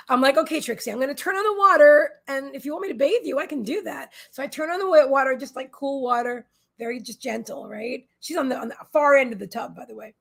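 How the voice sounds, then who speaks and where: High, gravelly woman chatting casually. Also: fast. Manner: chatty and meandering, often talking to her pets. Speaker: psychic reader hosting a live stream. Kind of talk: casual chat on a live stream. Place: home, at her desk.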